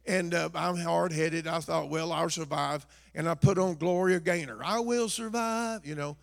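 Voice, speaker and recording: An older pastor delivers a folksy sermon in a high, gravelly voice. He drops to hushed asides, then builds to shouting, stammering on repeated words. His voice rings out with a long echo through the church hall. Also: level tone, normal speed.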